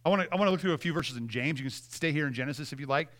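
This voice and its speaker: A man's voice: on the high side, rapid-fire, fairly bright tone. A male pastor giving a conversational sermon and acting out quotes as he preaches.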